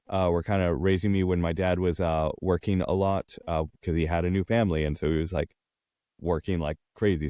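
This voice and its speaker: A man's voice: deep voice, warm tone, clear, resonant tone, no room sound, dull audio. A man, an audiobook narrator from Texas, chatting in an interview with many ums and uhs. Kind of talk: casual interview chat.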